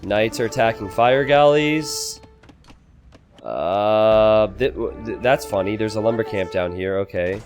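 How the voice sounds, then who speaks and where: A man giving casual strategy game commentary, excitable, laughing and exclaiming at players' blunders. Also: lowish voice, unhurried, soft background music.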